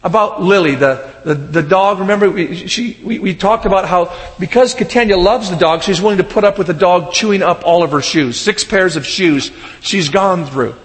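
A man preaching a sermon, telling lively humorous stories and acting out the people in them. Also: high voice, brisk, few pauses, in a large hall. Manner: animated storytelling, shouting in character. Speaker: pastor.

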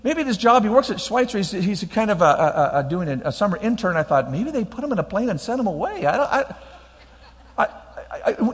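The long reverb of a big hall surrounds this middle-aged pastor, whose high-pitched voice has a breathy edge, wide pitch swings and a slightly fast pace. Telling a personal story, he restarts frequently and drives his main lines home through repetition.

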